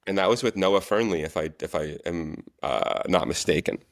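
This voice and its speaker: Deep-voiced man, chatty storyteller. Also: moderate pace, dry recording, studio quality. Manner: animated storyteller, relaxed and chatty. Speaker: guest, actor and stunt coordinator. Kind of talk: casual interview chat.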